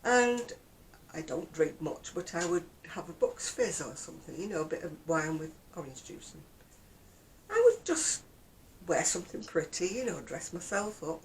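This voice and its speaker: Chatty older woman, gravelly. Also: medium pitch, a little mellow, a little hiss or hum. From England. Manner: chatty, exasperated ranting with mock voices. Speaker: vlogger. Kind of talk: casual chat to camera.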